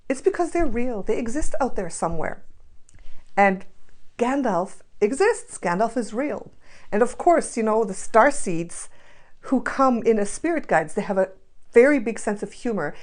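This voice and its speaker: A woman who works as a spiritual reader, telling an earnest story in a storytime vlog, soft-spoken and laughing often. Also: mid-range voice.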